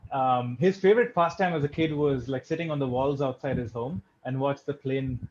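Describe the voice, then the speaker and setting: A man's voice: medium pitch, normal speed, darkish tone, lo-fi sound, slight background noise. A young man from India doing a stand-up set online, with dry, self-deprecating jokes and chuckles. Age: young adult. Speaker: stand-up comedian.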